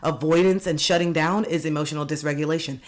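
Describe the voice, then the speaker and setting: A life coach giving a self-help video talk, earnest and reassuring, repeating gentle affirmations and speaking straight to viewers. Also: mid-range voice, steady tone, quick pace. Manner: speaks directly to viewers, coaxing them to open up.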